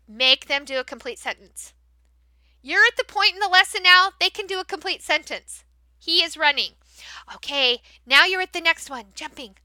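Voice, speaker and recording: A woman teacher demonstrating how to run a class for young learners, switching between explaining to other teachers and modeling big, excited praise for kids. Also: extremely high pitch, no room sound. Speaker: teacher trainer. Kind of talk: training demo, modeling classroom talk.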